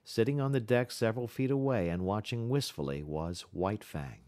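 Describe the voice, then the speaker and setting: Male audiobook reader, measured storytelling, lowish voice. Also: animated, a little mellow. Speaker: audiobook narrator. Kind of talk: scripted audiobook narration.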